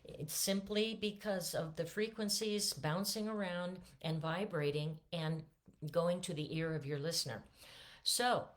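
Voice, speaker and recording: Middle-aged woman voice teacher, casual and chatty, voice not quite warmed up. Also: fairly low pitch. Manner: relaxed, chatty, many fillers and restarts. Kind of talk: casual vocal lesson with sung demonstrations.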